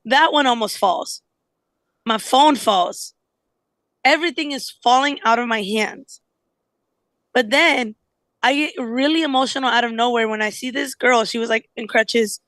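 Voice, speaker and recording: A young woman co-hosting a podcast, telling a story in an animated, casual way and swearing often. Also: a little high, moderate pace, dry recording. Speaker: podcast co-host. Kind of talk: casual chat.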